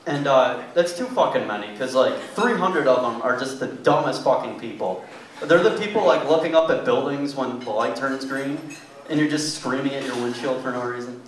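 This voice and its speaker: A man's voice: medium pitch, lively intonation, moderate pace. Young man doing rambling stand-up. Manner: rambling, loose delivery with many fillers. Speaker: stand-up comedian. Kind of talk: stand-up comedy set. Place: small comedy club. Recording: echoey club room, mic far off, faint noise.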